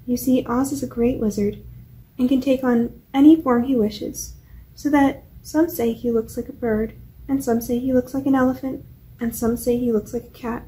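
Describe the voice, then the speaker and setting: A woman's voice: fairly high pitch, fairly even intonation, normal speed, dark tone, close to an everyday voice, low-quality recording. A woman reading as a talkative country farmer. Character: curious country farmer man, friendly and talkative.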